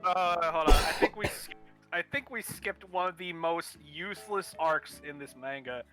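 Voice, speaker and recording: High, bright-voiced man in casual chat. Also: soft background music. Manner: loose, halting, lots of "like".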